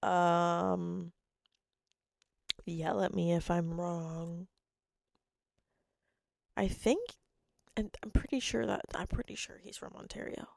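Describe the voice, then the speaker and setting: Young girl rambling on her podcast, hoarse crackly voice, super dry sound. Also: lowish voice, slow, pauses often, a little mellow, dry recording. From Canada. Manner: rambling, jumpy, self-interrupting. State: hoarse, voice cutting in and out. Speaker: podcast host. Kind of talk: casual solo chat.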